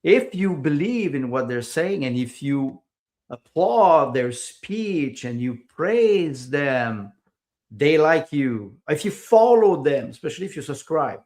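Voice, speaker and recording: A man appears as a podcast guest, speaking slowly in a slightly high, sing-song voice with a darkish tone. The casual talk is hesitant, packed with fillers and repeated words, and his second-language English has small grammar slips.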